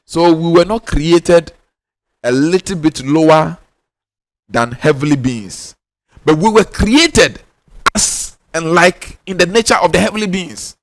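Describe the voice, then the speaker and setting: A man's voice: a little high, lively intonation, dry recording. Ghanaian male spiritual teacher, raised voice, insistent delivery, dry room. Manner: emphatic, repeats key lines for stress; insistent, drawn-out stressed words.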